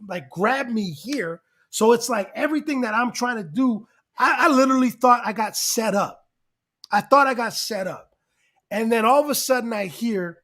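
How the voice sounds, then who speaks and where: Husky excitable man telling a story. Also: very high-pitched. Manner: excitable, rambling, acts out quotes. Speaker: guest rapper and actor. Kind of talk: animated storytelling in casual chat.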